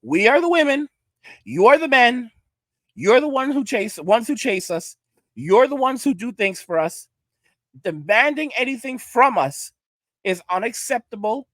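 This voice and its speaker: A man's voice: very high-pitched, very animated, unhurried, a bit bright, dry recording, pitched above the performer's own voice, full character voice. A man mocking a haughty, indignant woman. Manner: haughty, declaring.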